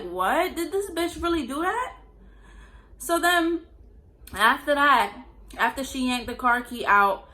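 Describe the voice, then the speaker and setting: Young new girl telling a story, cussing and rambling, kinda high bright voice. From Queens, New York. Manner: rambling, profane, animated storytelling with slang. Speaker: storyteller vlogger. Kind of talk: casual storytime.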